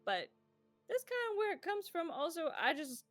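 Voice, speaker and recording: Bright-voiced woman, casual game-stream chatter, filler-heavy, over light music. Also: extremely high pitch, big pitch swings, moderate pace, dry recording. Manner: chatty, laughing, many fillers. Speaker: player of a tabletop game. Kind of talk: casual chat about character voices.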